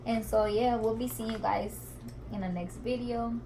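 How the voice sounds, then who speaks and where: A woman's voice: on the high side, fairly even intonation, normal speed. A young woman hosting her channel in a laid-back, slangy, chatty way. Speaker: channel host. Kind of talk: casual chat. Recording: faint background noise.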